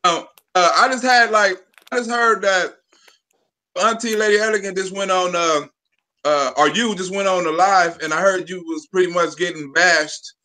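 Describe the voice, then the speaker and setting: A man hosts a casual live stream, swearing freely and hurrying along. His voice is pitched high for a man and sounds forceful and bright. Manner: loose, profane and hurried.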